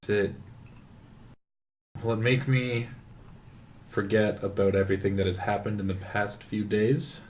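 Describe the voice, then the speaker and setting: A man playing a tabletop game, talking in a halting, dry, deadpan way. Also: on the low side. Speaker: player.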